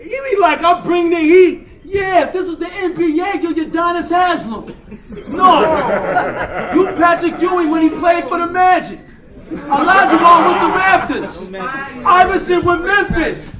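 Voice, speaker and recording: High-voiced battle rapper, loud and punchy. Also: male voice, animated, measured pace. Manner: loud, punchy, repeats lines and laughs at his own bars. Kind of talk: battle rap performance. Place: large indoor hall. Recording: echoey hall, distant mic, loud crowd.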